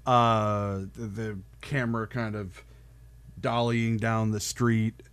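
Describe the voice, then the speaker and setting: A laid-back man co-hosting a movie podcast, his voice bright. He keeps his remarks dry and casual. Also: on the low side, little pitch movement, takes it slowly, smooth. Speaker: podcast co-host. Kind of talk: casual chat about a movie.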